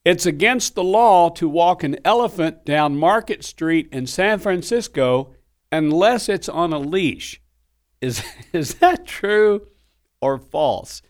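A man's voice: a little high, expressive. Playful man reading radio trivia questions. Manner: playful, repeats each question slowly. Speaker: radio co-host, quizmaster. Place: radio studio.

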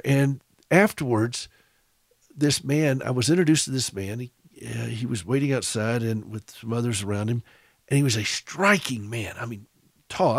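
A man's voice: medium pitch, darkish tone, no room sound. An American man hosting a radio talk show, telling a personal story in a chatty, self-deprecating way with restarts and chuckles. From United States. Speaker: radio host. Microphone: studio broadcast microphone.

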